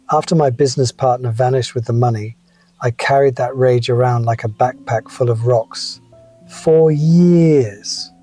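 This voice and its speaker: This scripted motivational talk comes from a 70s-aged man whose mid-range voice has a warm tone. He reflects on his life through wry personal stories.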